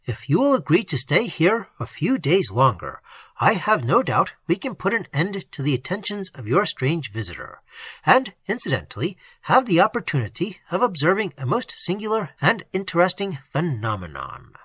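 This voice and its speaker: A narrator doing a quiet, commanding old-style doctor. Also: mid-range voice, sing-song, husky, no echo. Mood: calm. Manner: quiet, measured, decisive. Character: calm, authoritative male doctor of the occult.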